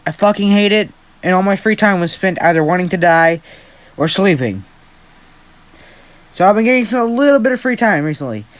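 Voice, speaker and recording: A man's voice: sits high, expressive, normal speed, long pauses, dry recording. A young man who hosts a fan-story channel, telling an improvised story in a rambling, self-deprecating way with a lot of swearing.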